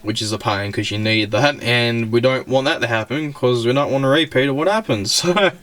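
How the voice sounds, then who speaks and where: A man's voice: medium pitch, fairly quick, fairly bright tone. A young Australian man, a car channel host, chatting casually and rambling as he shows off a classic car, filming from inside it on a handheld camera. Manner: rambling and chatty, loses words, laughs often. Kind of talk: casual car walkaround vlog. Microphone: handheld camera mic.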